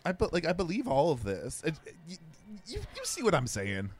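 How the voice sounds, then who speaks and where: A young adult man co-hosting a podcast, talking through a film in rambling, self-deprecating casual commentary, quick and slurred, restarting his sentences. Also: fairly high pitch, huge pitch swings. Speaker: podcast co-host. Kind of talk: casual movie-watching commentary.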